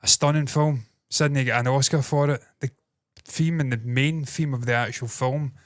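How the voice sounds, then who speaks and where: A man's voice: medium pitch, steady tone, normal speed, dry recording, studio quality. Swearing man in his thirties. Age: 30s. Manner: swearing, laughing, rambling. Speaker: co-host. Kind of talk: casual podcast chat. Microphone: loose desk mic.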